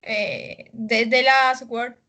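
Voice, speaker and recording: A woman's voice: on the high side, steady tone, slow pace, sharp tone, lo-fi sound. A woman with a Spanish accent answering as a student on a video call.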